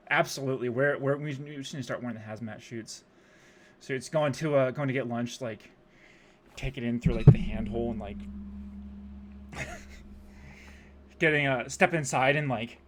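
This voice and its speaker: A man's voice: medium pitch, a bit bright, slight background noise. A young man streaming, rambling through casual profane commentary on a music video with lots of fillers.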